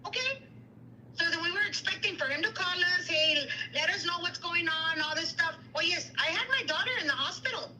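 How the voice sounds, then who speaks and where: Woman, very high bright voice, heated livestream rant, faint noise behind. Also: low-quality recording. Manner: indignant, rapid retelling with quoted dialogue, mixes Spanish.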